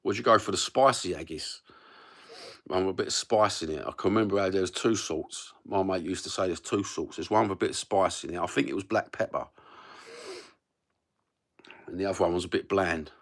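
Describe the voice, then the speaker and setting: A man's voice: low-pitched, brisk, long pauses, a bit bright. A middle-aged man with an East London accent, rambling through a casual livestream chat, sweary and matey with plenty of slang. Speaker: livestream host.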